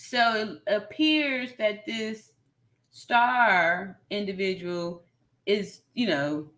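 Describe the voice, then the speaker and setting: Bright-voiced woman laughing through a vlog. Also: medium pitch, very slow. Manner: laughs often, animated, self-mocking; talks straight to viewers, y'all. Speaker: nurse YouTuber, channel host. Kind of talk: casual commentary vlog.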